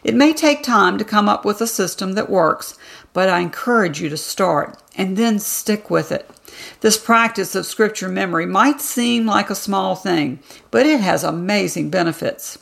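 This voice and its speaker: Female devotional host, mid-range voice with heavy fry, calm measured scripted delivery. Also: mid-range voice.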